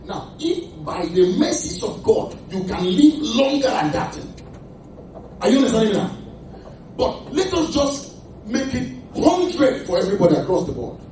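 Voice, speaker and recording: High, lively preaching man in echoey hall. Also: normal speed, far from the mic, slight background noise. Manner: emphatic preaching, quizzing the congregation. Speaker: pastor. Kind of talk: sermon. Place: church hall.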